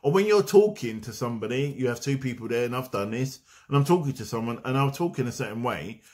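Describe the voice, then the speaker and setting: Brief: man, mid-pitched, loose conversational vlog delivery that wanders off on tangents. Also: expressive, quick pace, darkish tone. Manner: meandering, conversational, drifting off on tangents. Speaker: spiritual vlogger. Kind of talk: casual spiritual talk to camera.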